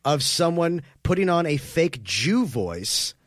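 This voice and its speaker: A man's voice: on the high side, very animated, takes it slowly, fairly bright tone, no echo, studio quality. A man co-hosting a casual comedy podcast, talking in a rambling, wry way. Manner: rambling, wry, self-interrupting. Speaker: podcast co-host.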